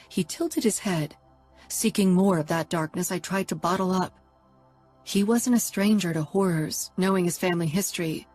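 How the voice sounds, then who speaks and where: Breathy woman narrating an audiobook. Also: medium pitch. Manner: steady, intimate first-person reading. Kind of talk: scripted first-person romance narration.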